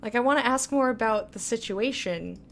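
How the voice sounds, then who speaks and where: A woman's voice: fairly high pitch, a little fast, a little hiss or hum. A young woman giving casual commentary while playing a game for the first time, chatty, restarting her sentences and poking fun at herself. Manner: chatty, restarting, self-mocking. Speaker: gamer playing blind. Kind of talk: casual let's-play commentary.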